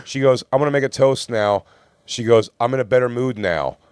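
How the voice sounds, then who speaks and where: This podcast co-host, a man, spins a meandering, foul-mouthed tale for his friends on a comedy show, voicing the others in it. He speaks fairly quickly at a medium pitch, his tone smooth and darkish, and there's no room sound.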